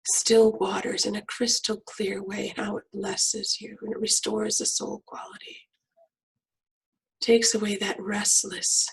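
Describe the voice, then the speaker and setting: A middle-aged woman guiding a prayer meditation in a soft, half-whispered voice. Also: mid-range voice, gravelly, poor audio.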